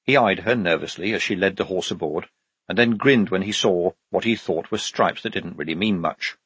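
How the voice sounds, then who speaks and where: A man narrating an audiobook in an expressive storytelling manner. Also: low-pitched, normal speed, slightly rough, dry recording.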